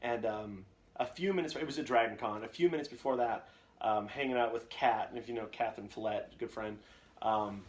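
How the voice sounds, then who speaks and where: A man's voice: lowish voice, brisk. A young man, a voice actor, chatting casually in a live question-and-answer stream, rambling from one anecdote to the next with lots of fillers. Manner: rambling storyteller, jumps between anecdotes with many fillers.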